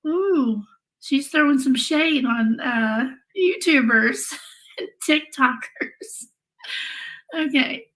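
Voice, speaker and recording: High-voiced, unhurried woman streamer. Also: expressive, a bit bright, low-quality recording. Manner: reads a legal text aloud with wry asides. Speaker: host of a live true-crime stream. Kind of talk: casual live-stream chat, reading a document aloud.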